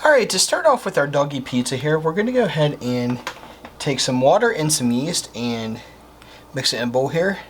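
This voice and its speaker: With a voice on the high side and big pitch swings, a male cooking show host walks through his home baking at a moderate pace. He's upbeat and chatty, explaining each step as he works, over a slight hiss or hum.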